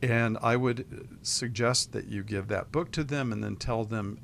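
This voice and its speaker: A man co-hosting a call-in advice show, counseling a caller in a measured way. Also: medium pitch, vocal fry, fairly bright tone, slight background noise. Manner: measured, advising. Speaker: co-host counselor. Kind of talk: radio advice talk.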